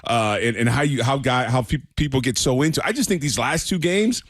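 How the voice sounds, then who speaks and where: A man's voice: medium pitch, lively intonation, fairly quick, no room sound. A man co-hosts sports radio in an easygoing mid-range voice, often starting his sentences over. The sound is close and dry. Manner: easygoing, repetitive restarts. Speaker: radio co-host.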